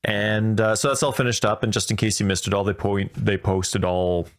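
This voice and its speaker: A man co-hosting a gaming podcast in casual chat, rambling and animated, quick to laugh, talking close to a desk mic. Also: on the low side, gravelly. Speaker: podcast co-host.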